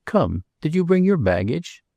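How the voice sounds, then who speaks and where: A man voicing a brash, cheerful self-made gentleman who talks heartily. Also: fairly high pitch, big pitch swings, moderate pace, gravelly, no echo, voice pushed up, full character voice. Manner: hearty, jovial.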